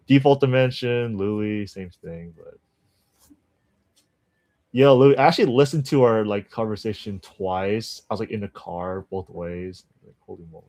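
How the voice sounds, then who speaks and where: A man's voice: lowish voice, slow, pauses often, a little mellow. A man livestreaming his language study, chatting casually with viewers, rambling and laughing often. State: just woke up.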